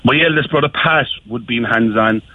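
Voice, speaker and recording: A man's voice: medium pitch, fairly quick, no echo. A man with a Cork accent, calling in to a radio show, chatting casually and rambling with lots of fillers. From Ireland. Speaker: caller. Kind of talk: casual chat. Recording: tinny phone line.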